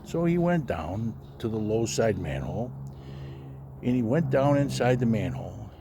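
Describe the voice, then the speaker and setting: Animated older-style storyteller man. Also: normal speed, background noise. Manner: animated, raising his voice high for quoted characters. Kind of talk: casual anecdote telling.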